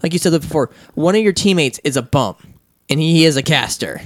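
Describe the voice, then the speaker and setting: A man's voice: fairly high pitch, expressive, brisk. A man hosting a casual gaming podcast, rambling and joking, quoting movie lines. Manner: rambling, jokey, breaks into sung movie quotes. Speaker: podcast host. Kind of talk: casual chat.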